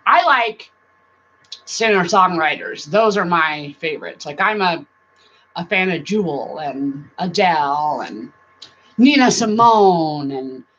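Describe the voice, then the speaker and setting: A middle-aged woman hosting a casual live-stream chat, rambling warmly, laughing often and now and then breaking into song. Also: on the low side, lively intonation, slow pace. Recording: dull lo-fi sound with faint noise.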